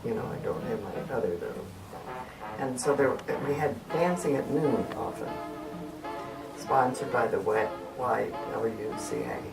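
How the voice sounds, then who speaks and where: Low, gravelly and unhurried, this older woman from Texas tells family stories in an easy, chatty way. She sounds a little distant from the mic, in a roomy space with music playing underneath. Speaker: interviewee, mother. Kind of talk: reminiscing in a family interview.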